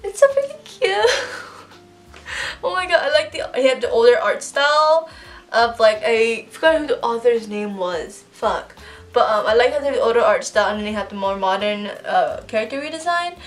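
A woman chatting casually through an unboxing, gushing and excitable, swearing freely. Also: a little high, a little fast, recorded from a distance. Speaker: vlogger unboxing fan merch. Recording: voice a bit off-mic, soft music behind.

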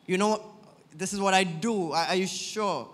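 A man's voice: high voice, moderate pace, fairly bright tone, big-room sound. A man voicing a stunned young woman who hesitantly questions whether a proposal is real. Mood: doubtful. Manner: disbelieving, hesitant.

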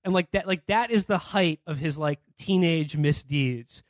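On a casual comedy podcast, this co-host swears openly, laughs, and performs the quoted characters as he recounts scenes. He speaks at a moderate pace in a fairly high voice, and the recording is dry with clean studio sound.

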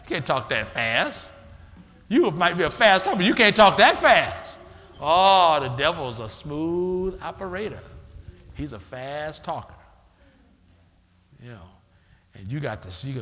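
Lively preacher in a reverberant church hall. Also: male voice, fairly high pitch, a little slow. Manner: call-and-response preaching, acting out church members. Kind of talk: sermon. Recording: live church recording with long hall reverb.

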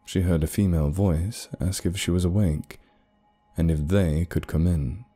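A deep, mellow male voice tells a dark story. He reads at a measured, dramatic pace. Faint background music plays beneath him. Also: steady tone, breathy edge. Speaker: narrator. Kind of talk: scripted story narration.

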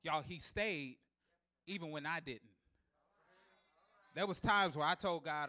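High-voiced preacher building to shouts. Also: male voice, a little slow, long pauses. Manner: builds to loud emphatic shouts, chuckles between points; repeats key lines for emphasis, calls to the congregation. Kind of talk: live church sermon. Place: church sanctuary.

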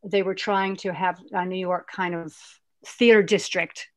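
A woman guest, an actress, chatting and telling stories in an animated way, with a lot of restarts. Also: on the low side, measured pace, dry recording. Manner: animated, rambling storyteller with many restarts. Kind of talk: casual interview chat.

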